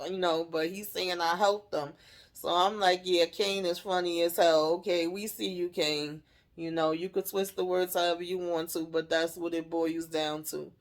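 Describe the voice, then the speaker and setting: A woman's voice: fairly low pitch, fairly even intonation, moderate pace. A woman casually recapping a TV episode, retelling scenes in her own words and acting out the characters' lines with laughs and swearing. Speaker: TV recap host.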